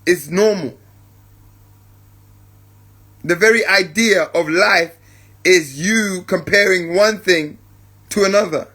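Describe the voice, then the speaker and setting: A man with a husky, slightly high voice hosts a reflective spiritual podcast. He talks unhurriedly and repeats his points for emphasis. He keeps asking his listeners, whom he calls family, whether they follow him. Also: pushed and bright. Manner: keeps checking in with listeners, addresses them as family. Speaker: podcast host.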